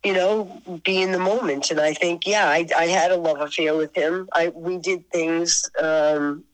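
An older woman talking earnestly in an interview, reminiscing in halting phrases that often repeat and restart. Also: low voice, poor audio. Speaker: guest musician.

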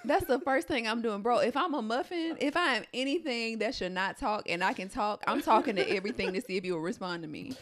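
A woman co-hosting a casual podcast, teasing and quick to call jokes lame. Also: a little high, fairly bright tone. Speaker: podcast co-host. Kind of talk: casual joke-telling chat.

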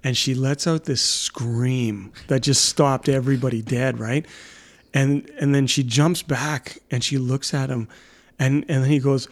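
A man's voice: medium pitch, fairly even intonation, a little slow. A middle-aged man telling family anecdotes in casual chat, a rambling storyteller who laughs often. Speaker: podcast co-host and father.

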